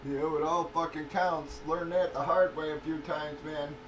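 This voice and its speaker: A man's voice: a little high, fairly even intonation, normal speed, recorded from a distance. A man casually chatting on a livestream, rambling, swearing freely and laughing often while telling a story. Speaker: livestream host of card breaks. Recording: voice a bit off-mic with faint noise.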